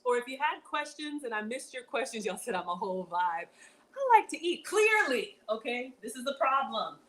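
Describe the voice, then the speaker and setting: A woman's voice: fairly high pitch, poor audio. A woman hosting a casual cooking livestream, chatting with her viewers as she cooks and flustered as she keeps telling herself to focus. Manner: chatty, talks to viewers as y'all. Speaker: cooking show host.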